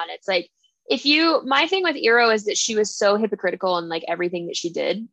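A woman co-hosting a casual book club podcast, retelling a story in an animated way with lots of fillers. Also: a little high, brisk, dry recording, highs cut off. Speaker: podcast co-host.

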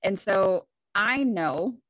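A woman's voice: medium pitch, animated, very slow, rough recording. A woman co-hosting a casual podcast as a counselor, blunt and freely swearing. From Wisconsin.

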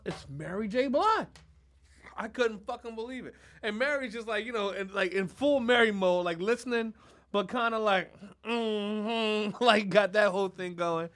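Male podcast co-host, animated storyteller, bright voice, profane. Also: high voice. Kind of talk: casual chat.

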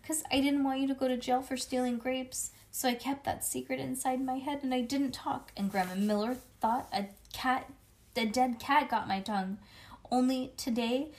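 A woman's voice: high voice, fairly even intonation, normal speed, a little mellow, voice pushed up. A woman voicing a spunky, bossy little schoolgirl who talks in run-on, childish sentences. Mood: pleading. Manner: chatty, run-on, childish grammar.

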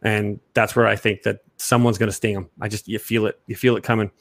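A young man co-hosting a casual sports chat, rambling and jokey, quick to laugh. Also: lowish voice, little pitch movement, creaky, a bit bright, no echo. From Chicago area. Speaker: sports podcast co-host.

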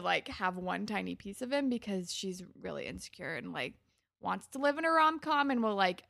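A woman's voice: medium pitch, gravelly, a bit bright, dry recording, clean studio sound. A young woman co-hosting a podcast, chatting casually and sarcastically about a TV episode. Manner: chatty, sarcastic, heavy use of "like". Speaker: podcast co-host. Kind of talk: casual chat recapping a TV episode.

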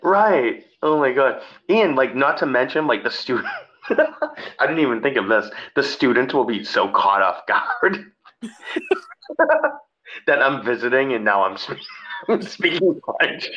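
A man co-hosting a podcast, telling a story in casual chat, animated and laughing often, his voice jumping high when excited. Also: unhurried, highs cut off. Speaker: podcast co-host.

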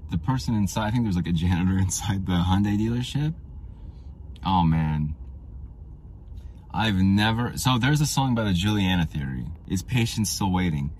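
A man with a very low voice and a gravelly vocal fry rambles through his own podcast. He drifts from story to story in an offhand, casual way, and a faint hiss of noise sits under his voice. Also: lively intonation, moderate pace, darkish tone. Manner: rambling, tangent-prone storytelling. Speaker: podcast host.

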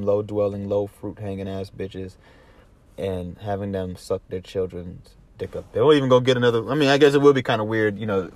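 A man's voice: lowish voice, a little mellow. A man from the Southern US with a Southern accent, giving rambling, profane casual commentary full of restarts. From Southern US, Atlanta. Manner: rambling, profane, many restarts, laughs easily. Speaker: commentary vlogger.

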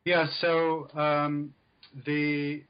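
A man being interviewed as an author, who explains things in a measured way with many fillers. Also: on the high side, monotone, smooth, muffled recording. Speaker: author and scholar guest. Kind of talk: academic interview.

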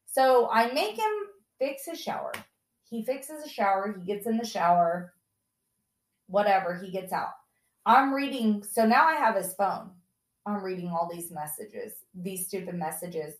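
Animated woman telling a story. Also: medium pitch, a little slow, roomy sound, low-quality recording. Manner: animated, acts out quotes in raised voice. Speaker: podcast guest, mother. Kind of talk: casual storytelling.

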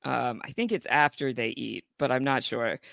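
A man's voice: medium pitch, normal speed, vocal fry, fairly bright tone, no room sound, studio quality. A man co-hosting a casual podcast recap, laid-back and amused. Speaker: podcast co-host.

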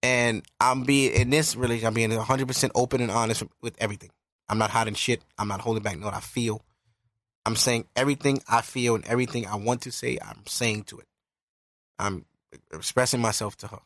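A man's voice: mid-range voice, steady tone, a little fast, a bit bright, no room sound, studio quality. A young man hosting a podcast, giving candid, profane relationship advice in a casual monologue. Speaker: podcast host.

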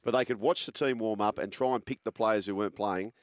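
An Australian man hosting a sports chat, telling stories in a relaxed, animated way. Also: fairly low pitch, fast, dry recording, studio quality. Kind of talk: casual chat, storytelling.

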